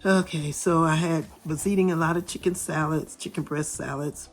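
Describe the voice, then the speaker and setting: A middle-aged woman vlogger chatting casually with her viewers, her voice still a little raspy and hoarse after a cold. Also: sits low, steady tone, moderate pace, soft background music. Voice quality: slightly raspy. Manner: chatty, talks straight to viewers. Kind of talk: casual chat. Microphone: camera filming from overhead.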